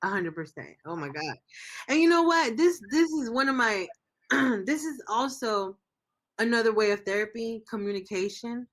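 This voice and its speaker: A woman's voice: fairly high pitch, lively intonation, moderate pace, a bit bright. A woman speaking as a guest on a loose livestream chat. She rambles and circles back, reaching for words as she opens up with plenty of feeling. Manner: emotional, rambling, searching for words. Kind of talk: casual livestream interview.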